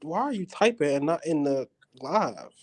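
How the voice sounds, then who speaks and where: A woman with a low voice that swoops widely, co-hosting a live stream in casual chat. She tells stories and acts out what others said. She laughs easily. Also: sing-song, moderate pace, no room sound, poor audio. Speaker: stream co-host.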